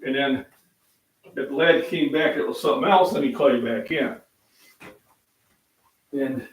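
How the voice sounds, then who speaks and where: He pauses for long stretches, speaking at a moderate pace in a fairly high voice. He is an older fitness channel host, rambling in a folksy way and speaking directly to viewers as he cooks on a casual live stream from his home kitchen. Sound is roomy and off-mic.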